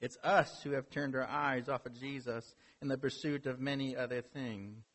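A man's voice: mid-range voice, steady tone, moderate pace, a bit bright. A man preaching a sermon as a pastor, earnest, with rhetorical questions and building emphasis.

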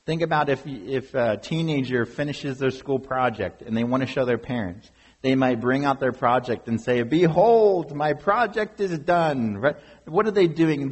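A man's voice: mid-range voice, normal speed, breathy edge. A man preaching a sermon as pastor, earnest and emphatic, asking his congregation questions. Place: church sanctuary. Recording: long reverb of a large hall.

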